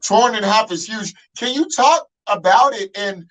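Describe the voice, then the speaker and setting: A man's voice: sits high, unhurried, pushed and bright, poor audio. A man hosting a podcast interview, speaking earnestly and using many fillers. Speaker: podcast host. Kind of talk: conversational interview.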